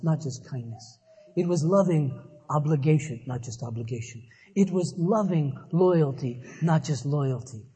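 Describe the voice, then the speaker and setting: A man's voice: high-pitched, warm tone, slightly rough. Earnest male preacher, sermon delivery with emphatic repetition, long hall reverb.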